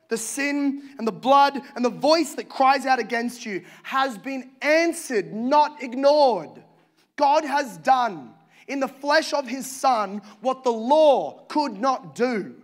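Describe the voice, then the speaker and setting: Male pastor, very high voice, impassioned sermon delivery, hushed to loud. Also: unhurried.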